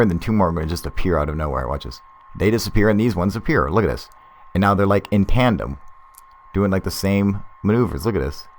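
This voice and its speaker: Brief: low-voiced male host, chatty and profane, hyped over clips. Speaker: video host. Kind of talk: casual video commentary.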